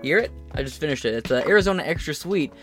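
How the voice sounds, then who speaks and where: A man's voice: a little high, expressive, very fast, music in the background. A man hosting a podcast, giving sarcastic, profane and rambling commentary on the news. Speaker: podcast host.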